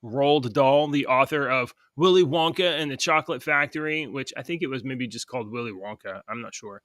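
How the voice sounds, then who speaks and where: A man's voice: medium pitch, brisk, bright, forceful tone, no room sound, studio quality. A man hosting a podcast, upbeat and rambling in casual chat with lots of fillers. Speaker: podcast host.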